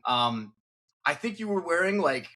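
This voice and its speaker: Young new dude hosting a podcast, bright tense voice, swears, loose and excited. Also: male voice, a little high, unhurried. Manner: loose, swearing, enthusiastic host. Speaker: podcast host. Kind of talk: casual chat.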